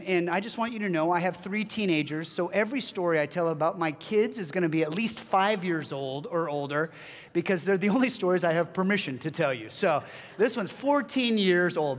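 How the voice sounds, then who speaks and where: A middle-aged man preaching a sermon, telling a family story with halting restarts and joking asides. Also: high voice. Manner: animated storytelling with self-deprecating asides. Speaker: pastor. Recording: long reverb of a large hall.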